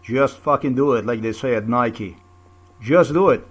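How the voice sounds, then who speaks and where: A man's voice: medium pitch, moderate pace, slightly rough. A man in a confrontational, repetitive video rant, full of rhetorical questions and swearing. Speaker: vlogger. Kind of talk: angry personal video rant.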